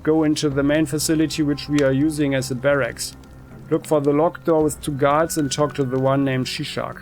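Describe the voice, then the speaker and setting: A man reading aloud the lines of a calm, measured gang boss from a game, in his own plain voice. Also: a little high, soft background music, lightly acted.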